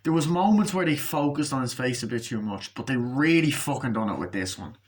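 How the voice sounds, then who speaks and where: A man's voice: medium pitch, expressive, brisk. A man giving a casual, profane movie review, sarcastic and acting out scenes in mocking voices.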